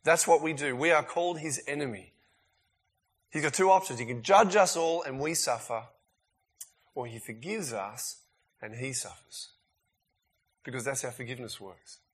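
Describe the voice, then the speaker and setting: A man's voice: mid-range voice, moderate pace, long pauses, husky. Emphatic preacher man. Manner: emphatic, conversational preaching with sudden loud and quiet swings. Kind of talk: sermon.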